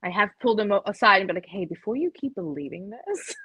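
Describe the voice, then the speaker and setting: A woman's voice: medium pitch, expressive, fast talker, breathy edge, no room sound, muffled recording. A woman co-hosting a podcast in casual chat, emphatic and profane. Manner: emphatic, swears, laughs often. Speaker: podcast co-host.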